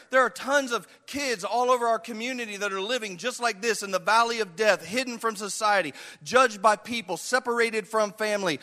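Man, pastor, impassioned sermon, high bright voice, long hall reverb. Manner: impassioned, acts out voices of the people in the story.

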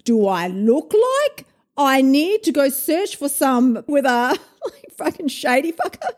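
A woman, a weight loss coach telling a story in a casual monologue, animated, swearing and laughing often. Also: high voice, a little slow.

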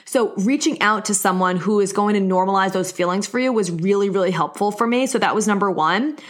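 Young woman, solo podcast host. Casual, confiding, "like"-heavy delivery, encouraging tone, mid-pitched voice. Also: a little fast. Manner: chatty, open, leans heavily on "like"; earnest and encouraging. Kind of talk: casual personal monologue.

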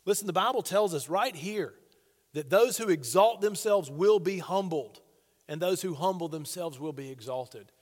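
A man's voice: sits high, lively intonation, normal speed, long reverb tail. A man preaching a sermon as pastor, earnest and conversational, often asking his listeners questions.

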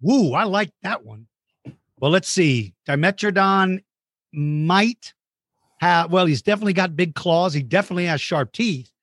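A man's voice: sits high, dry recording, clean studio sound. A man hosting a playful chat with a child about dinosaur battles, goofy and teasing with mock outrage. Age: adult. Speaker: host interviewing a child.

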